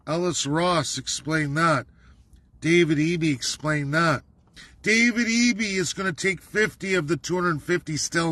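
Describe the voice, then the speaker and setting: A man's voice: on the high side, bright, forceful tone, dry recording. A man delivering an angry, profane political rant, heated and accusatory. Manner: heated, swearing, accusatory, emphatic. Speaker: political commentator.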